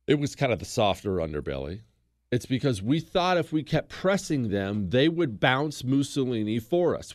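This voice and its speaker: A man hosting a history talk show, telling the story in a casual, animated way on a close studio mic. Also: mid-range voice, dry recording. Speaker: host.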